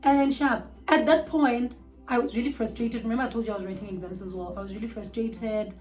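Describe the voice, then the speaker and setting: A young South African woman telling a storytime vlog with animated, outraged bursts. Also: on the high side, fast, soft background music, rough recording. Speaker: vlogger.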